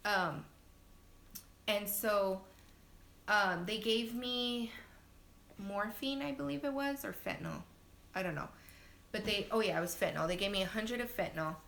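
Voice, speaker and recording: A young woman tells a story on a phone live stream, chatty and quick to laugh. Her voice is bright and clear at a middle pitch. She keeps jumping into loud, high bursts when she acts out what people said. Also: big pitch swings. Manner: laughs often, many fillers. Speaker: new mother telling her birth story.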